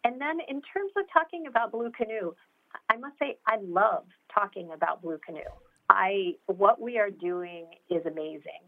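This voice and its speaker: A woman's voice: mid-range voice, moderate pace, narrow, tinny audio. A woman founder answering interview questions, enthusiastic and explanatory, with many fillers. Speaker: startup founder.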